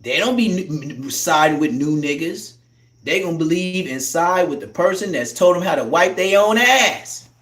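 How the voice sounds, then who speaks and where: A man doing a loud, profane, heated comic rant as a live streamer, recorded in an echoey room. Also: on the high side, animated, moderate pace, far from the mic.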